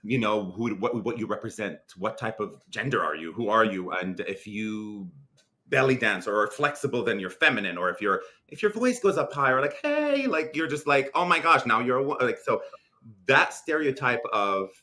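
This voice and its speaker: A young adult man from Lebanon with a Lebanese accent, talking as an interview guest in an animated, casual way with many restarts and fillers. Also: lowish voice, normal speed.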